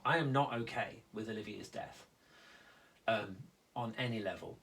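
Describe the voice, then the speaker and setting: A man's voice: on the low side, vocal fry, a bit bright. Earnest man talking through grief. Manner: earnest, halting with many restarts. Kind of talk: reflective conversation about grief.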